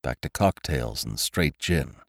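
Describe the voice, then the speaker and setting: A man's voice: very deep voice, animated, a little slow, no room sound, clean studio sound, pitched below the performer's own voice, full character voice. A man voicing a weary, irritable male space traveler who snaps when pushed. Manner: tired and short-tempered, shouting in a crisis.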